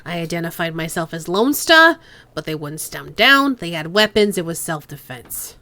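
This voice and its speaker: A woman's voice: fairly low pitch, very animated, moderate pace, pushed and bright, no room sound, voice pushed down, exaggerated voice. A woman voicing a stoic male ex-cop who speaks in short, clipped, guarded lines.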